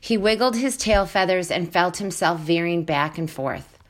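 A woman reading a children's novel aloud with clear, steady storytelling. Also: lowish voice, moderate pace. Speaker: storybook reader.

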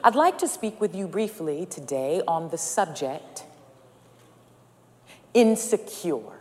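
A woman's voice: lowish voice, lively intonation, normal speed. A woman preaching a sermon in a church, speaking in rhetorical, rhythmic repetitions that build in intensity. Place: church sanctuary. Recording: long reverb of a large hall.

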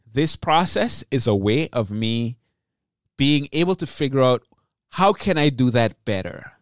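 A man hosting his own podcast in an energetic, rambling way, often cutting himself off mid-thought. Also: on the high side, dry recording, studio quality. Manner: energetic, rambling, self-interrupting. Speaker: podcast host. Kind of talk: solo podcast monologue.

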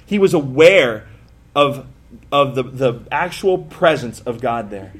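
A man's voice: mid-range voice, expressive, slow, husky. A middle-aged man, a pastor, preaching a sermon in a conversational, self-deprecating way with emphatic bursts. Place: church sanctuary.

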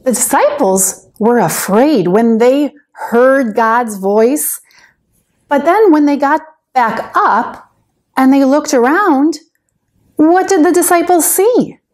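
A woman teaching a Bible story to young children, gentle and expressive, pausing to ask them to join in. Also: high-pitched.

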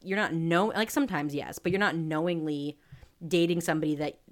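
A woman's voice: low-pitched, fairly quick. A young adult woman co-hosting a podcast, telling stories in a frank, wry, chatty way. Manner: chatty storyteller, frank and wry, with many fillers. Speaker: podcast co-host. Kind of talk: casual chat.

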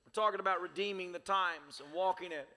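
A man's voice: high voice, fairly quick, pushed and bright. A male pastor preaching a sermon with fervor, using rhythmic, repeated phrases. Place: church sanctuary. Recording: reverberant church hall.

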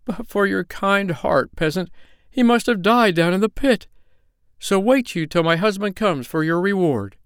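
Sad mama bear voice, high and tearful, clean smooth sound, man doing it. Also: expressive, a little slow, a bit bright, no room sound, clean studio sound, full character voice. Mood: eager. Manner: sobbing, pleading, then overjoyed. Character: grieving mother bear, wife of a great bear.

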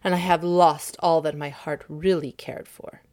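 A woman's voice: low voice, steady tone, unhurried, darkish tone, no room sound. A woman voicing a grieving, despairing king in a storybook reading, pleading and anguished.

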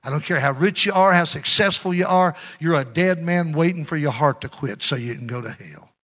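Bright-voiced preacher calling for amens. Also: male voice, on the high side, a little fast. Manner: call-and-response preaching, urging amens; swings between loud emphasis and hushed asides. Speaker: pastor. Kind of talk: sermon.

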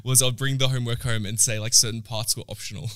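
Bright-voiced young man. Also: medium pitch, little pitch movement, quick pace, dry recording, clean studio sound. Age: young adult. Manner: easygoing, agrees a lot, laughs while telling stories. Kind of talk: casual chat.

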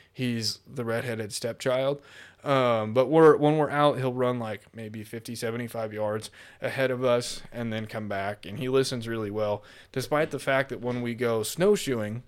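A young man talks on his solo podcast from his home office, mid-pitched and relaxed. He rambles through his stories with lots of fillers and swears without thinking about it. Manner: rambling, casual, swears freely, many fillers. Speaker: podcast host. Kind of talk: casual solo podcast monologue.

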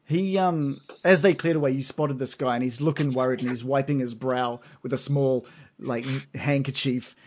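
A man's voice: mid-range voice, fairly even intonation, normal speed, darkish tone, slight background noise. A man narrating a tabletop game as game master, loose and hesitant with many ums and restarts.

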